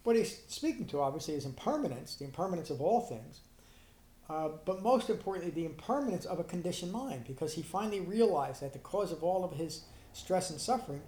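A man's voice: fairly high pitch, animated, brisk, dark tone. Middle-aged man teaching, roomy sound. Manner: earnest, restarts sentences, emphatic on key points. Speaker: Buddhist teacher. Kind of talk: dharma talk explaining a sutta. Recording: roomy echo.

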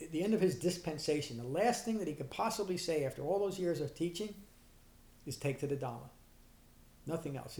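A man's voice: a little high, mellow. A middle-aged man giving an earnest dharma talk as a Buddhist teacher, often restarting his sentences and leaning hard on key points. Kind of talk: dharma talk explaining a sutta. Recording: roomy echo.

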